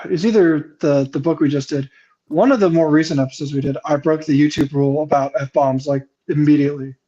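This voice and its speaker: A man's voice: a little high, fairly even intonation, brisk, dark tone. A man co-hosting a casual livestream chat with dry, wry humor. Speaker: podcast co-host. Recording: muffled lo-fi mic.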